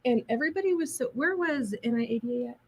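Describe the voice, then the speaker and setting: A woman co-hosting a podcast, bubbly and quick to laugh in casual chat. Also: high voice, expressive, slightly rough. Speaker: podcast co-host.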